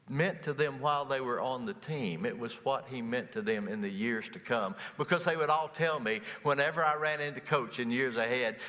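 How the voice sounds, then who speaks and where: A man, preaching a sermon as pastor and telling a story, dropping low and quiet for quoted lines. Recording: dull, long church reverb.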